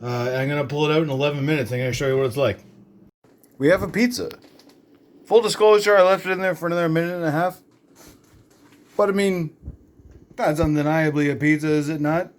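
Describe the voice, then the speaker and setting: A young man from Canada, talking through a home cooking demonstration in a rambling, joking, profane way full of fillers. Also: on the high side. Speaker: home cook vlogger. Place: home kitchen.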